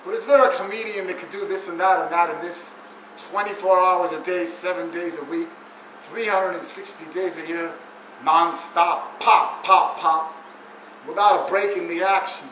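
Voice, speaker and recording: A very high, bright-toned man speaks as a god in a stand-up rant. He chants looping rhymes, repeats lines and jeers with profanity. He sounds far from the mic in an echoey room with faint noise. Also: fairly even intonation, normal speed. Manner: preachy, profane and jeering. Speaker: stand-up performer. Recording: roomy echo, distant mic, faint noise.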